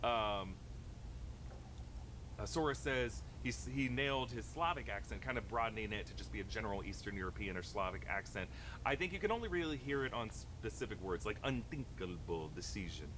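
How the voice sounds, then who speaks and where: A man's voice: on the low side, animated, brisk, a bit bright, slight background noise, low-quality recording. A man giving a conversational breakdown of a film trailer, full of ums and likes. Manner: conversational, filler-heavy. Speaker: film news commentator.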